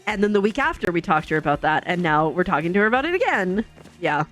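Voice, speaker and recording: A woman's voice: lowish voice, very animated, quick pace, fairly bright tone, faint music behind. A woman streamer telling a long family story in casual, chatty talk full of fillers.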